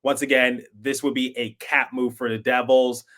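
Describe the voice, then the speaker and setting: A man's voice: mid-range voice, level tone, moderate pace, fairly bright tone. A man hosting a sports podcast, giving conversational, emphatic opinion commentary with some repeated words. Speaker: podcast host.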